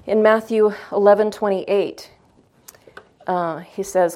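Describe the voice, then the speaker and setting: A woman's voice: mid-range voice, expressive, measured pace, a little mellow. A woman teaching a Bible study in a conversational way. She often checks in with her listeners and repeats phrases for emphasis.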